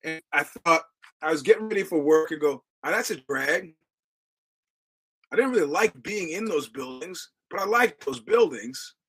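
Husky yet fairly bright, a fairly high male voice with lively intonation moves at moderate pace through a low-quality recording. He's a middle-aged American podcast host whose rambling, digressive monologue is packed with restarts, quoted voices, and wry profanity.

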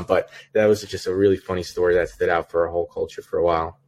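Deep-voiced and quick, with hardly any pauses, a sales manager guests on a casual podcast and tells a work story. He's animated, uses lots of fillers and acts out a phone call.

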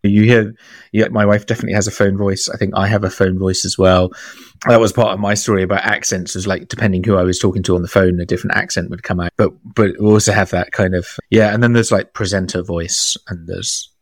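A man co-hosting a podcast, moving between a read intro and lively casual chat, laughing often. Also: deep voice, quick pace, dry recording. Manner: enthusiastic, laughs often, quotes himself in raised voice. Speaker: podcast co-host.

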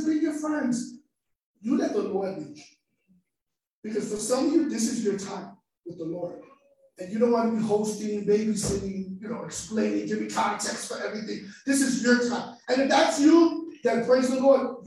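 A man pastor preaching a sermon with lively energy, swinging from shouted points to soft asides, recorded on a livestream from some distance. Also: high voice. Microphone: livestream device away from the speaker. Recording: roomy livestream audio from far off.

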